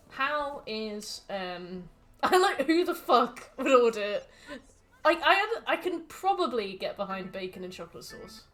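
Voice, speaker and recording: A woman's voice: on the high side, very animated, unhurried, a bit bright. A woman with an English accent chatting casually as she plays, reading out ingredients and ranting jokily with some swearing. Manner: swearing, reads out ingredients, jokey rants. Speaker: streamer. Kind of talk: casual gameplay commentary.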